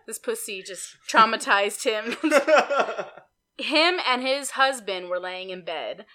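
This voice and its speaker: A young woman with a high, bright voice that swoops up and down as she tells a crude story. She laughs a lot and chats casually as a podcast co-host. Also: lively intonation, slow pace.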